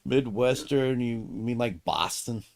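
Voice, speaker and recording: A man in his own stream, in casual chat, blunt and emphatic in his opinions. His voice is mid-pitched, and the sound is dry and close with no room around it. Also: takes it slowly, gravelly, dry recording. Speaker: streamer host.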